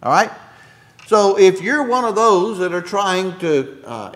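A man preaching a sermon as pastor, emphatic, dropping soft and then rising loud, with throat-clearing and chuckling asides to the congregation. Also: sits high, lively intonation, measured pace.

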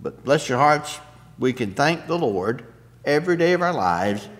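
A man preaching a sermon, unhurried, often clearing his throat, building to emphatic peaks and then dropping soft. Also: medium pitch, big pitch swings. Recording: long hall reverb.

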